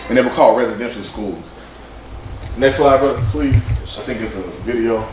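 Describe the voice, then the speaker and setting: A man presenting with slides at a conference, animated and conversational, slipping into other people's voices when he quotes them. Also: mid-range voice, normal speed, very noisy. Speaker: presenter at a men's summit. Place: conference room. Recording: roomy hall sound with faint ambience.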